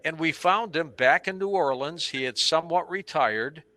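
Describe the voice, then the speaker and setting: Bright-voiced older man telling lively stories. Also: fairly high pitch, moderate pace. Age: 70s. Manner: animated anecdotal storyteller who acts out quotes. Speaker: radio talk show host, interview guest. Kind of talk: storytelling interview on stage.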